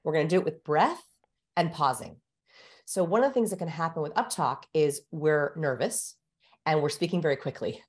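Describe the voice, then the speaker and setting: Woman, lower voice, podcast guest expert, instructive, coaching tone. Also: animated, moderate pace, darkish tone. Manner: coaching, demonstrates vocal exercises. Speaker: guest expert on body language.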